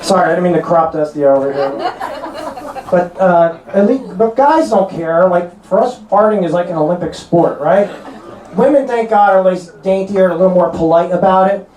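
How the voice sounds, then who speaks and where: A mellowish male voice, pitched high, belongs to a brash North Jersey comedian doing a stand-up set. His crude punchlines and quick asides land on a club stage, with a laughing crowd filling the roomy space.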